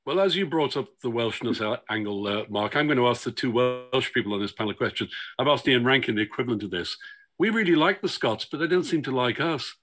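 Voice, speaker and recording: Bright-voiced man chairing a panel. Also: medium pitch, lively intonation, fast, faint music behind. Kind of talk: moderating a panel discussion.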